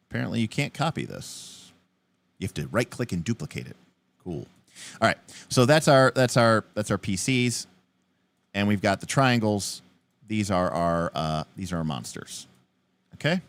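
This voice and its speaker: A man hosting a livestream, explaining game rules in a rambling, animated way and swearing casually. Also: fairly low pitch, normal speed. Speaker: host.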